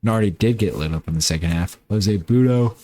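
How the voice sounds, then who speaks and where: Low male voice, gaming commentary, offhand, rambling, tired. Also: fast, darkish tone, dry recording. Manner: rambling, self-correcting, offhand. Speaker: gaming YouTuber. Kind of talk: casual game commentary.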